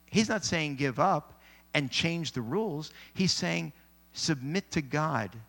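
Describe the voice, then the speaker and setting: A man preaching a sermon in an earnest, measured way, with emphatic pauses. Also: fairly high pitch, expressive, vocal fry, fairly bright tone.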